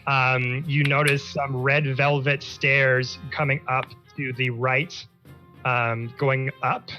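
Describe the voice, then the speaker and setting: A man running a tabletop game, laying out the scene in a loose, rambling way full of fillers. His voice is bright and middle-pitched. The sound is a little dull and lo-fi, with faint music underneath. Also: flat delivery, slow pace. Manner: descriptive, loose, with many fillers. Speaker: game master.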